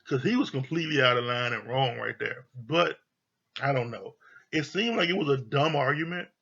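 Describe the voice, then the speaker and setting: A man casually recapping and reviewing a reality TV episode, blunt and animated, swearing freely as he retells the scenes. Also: medium pitch, gravelly, husky, lo-fi sound. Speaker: TV show reviewer.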